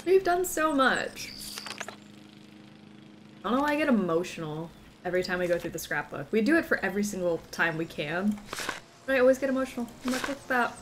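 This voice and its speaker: A woman's voice: mid-range voice, big pitch swings, brisk, long pauses, a little hiss or hum, poor audio. A woman gaming streamer chatting casually and jokily as she plays, gushing and teasing along. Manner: bubbly, jokey, gushing. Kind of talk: casual let's play commentary.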